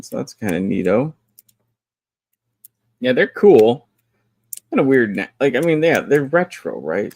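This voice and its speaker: A man hosting a casual livestream, chatting about his toys in an animated, talkative way, laughing often and swearing now and then. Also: lowish voice, creaky, no room sound. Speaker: livestream host.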